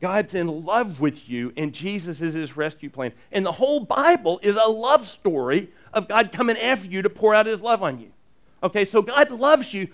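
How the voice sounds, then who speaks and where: Male pastor, high voice, lively sermon delivery with joking asides and frequent restarts. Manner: animated, earnest, jokey asides, frequent repeated restarts.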